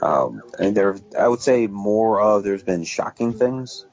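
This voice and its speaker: A man's voice: lowish voice, unhurried, darkish tone, lo-fi sound. A man answering interview questions, hesitant with lots of fillers. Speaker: guest author and investigator.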